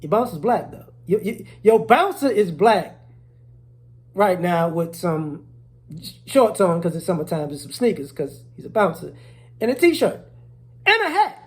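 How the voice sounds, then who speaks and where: A man's voice: high-pitched, very animated, measured pace. A man delivering an indignant casual monologue, repeating words as he builds his point. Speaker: commentator.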